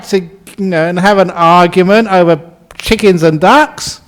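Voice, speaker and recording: A man's voice: high-pitched, normal speed. A middle-aged man, a monk, giving a playful storytelling talk, acting out the parts and laughing at himself. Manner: playful, acts out voices and quacks, laughs at himself.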